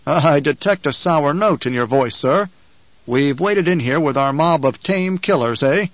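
A man's voice: on the high side, expressive, measured pace, no echo, highs cut off. A man reading a firm, probing duke. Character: confident, probing nobleman duke. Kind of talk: audiobook character reading.

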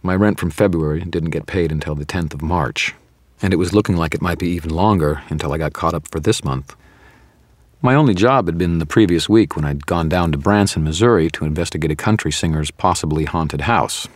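Male narrator, first-person audiobook, dry wry delivery, low husky tone. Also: fairly quick, no echo.

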